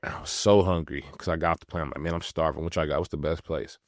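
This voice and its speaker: A young man from California, a podcast host and former pro athlete, telling stories in relaxed slangy talk with frequent laughs. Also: a bass voice, fast, no room sound, clean studio sound. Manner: laid-back slangy talk, laughs often. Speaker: podcast host, retired pro basketball player. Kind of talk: casual storytelling.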